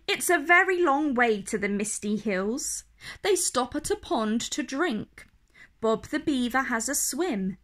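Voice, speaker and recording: Woman reading a kids storybook, slow and clear, bright voice. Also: high voice, expressive. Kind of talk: reading a picture book aloud for kids.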